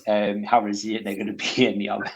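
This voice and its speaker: Low-voiced man, calm and wry. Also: quick pace, husky. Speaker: guest YouTuber. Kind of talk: casual podcast chat.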